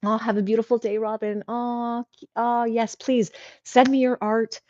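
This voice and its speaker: A woman's voice: fairly high pitch, little pitch movement, moderate pace, dark tone, no echo, muffled recording. A woman hosting a casual livestream, chatty and encouraging, reading out viewer comments. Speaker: livestream host.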